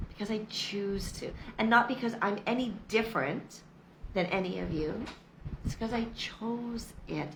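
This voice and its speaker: A woman's voice: mid-range voice, gravelly, noisy background. A middle-aged woman talking to camera in a casual, motivational way, emphatic and repetitive, with chatty asides. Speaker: vlogger.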